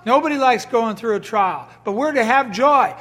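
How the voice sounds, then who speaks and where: A man's voice: moderate pace, bright, forceful tone. A man preaching a sermon, telling stories with quoted voices and reading scripture, rising into emphatic bursts. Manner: high voice that rises to emphatic bursts.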